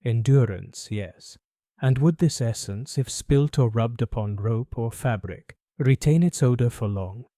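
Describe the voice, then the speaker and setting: A man playing a keen, cool-headed detective in an audiobook, speaking in a crisp, measured and probing way. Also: medium pitch, warm tone, no room sound, clean studio sound, pitched above the performer's own voice, close to an everyday voice. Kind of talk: audiobook character voice.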